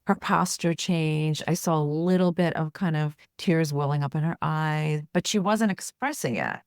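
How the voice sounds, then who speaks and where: A woman's voice: sits low, normal speed, smooth, no room sound, studio quality. A woman therapist speaking as a guest in an interview, explaining earnestly and often checking in with "right?". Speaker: therapist and author, podcast guest. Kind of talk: conversational interview.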